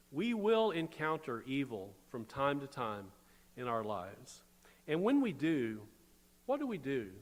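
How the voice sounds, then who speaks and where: A man's voice: a little high, fairly bright tone. A man preaching a sermon as pastor, conversational, with wry asides. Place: church sanctuary. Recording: long church reverb.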